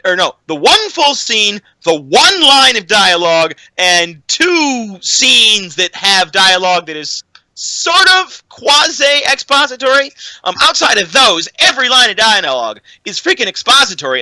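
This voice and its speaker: A young man co-hosting a podcast, ranting casually about a film with an animated, profane delivery and lots of "um"s. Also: high-pitched, no echo, rough recording. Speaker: podcast co-host. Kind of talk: casual chat, film rant.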